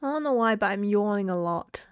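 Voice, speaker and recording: A woman's voice: medium pitch, expressive, brisk, smooth, dry recording, clean studio sound. A woman streamer chatting casually while she draws, rambling along and swearing now and then.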